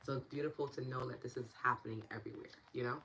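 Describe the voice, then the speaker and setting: A young woman with a New York accent guides a live online session in a low, grounded voice. She talks to her viewers in a loose, chatty way and breaks into bubbly excitement. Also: rapid-fire, slight background noise, poor audio. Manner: bubbly, bursts into excited laughter. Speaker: meditation and tapping guide. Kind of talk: casual live-stream teaching while reading chat.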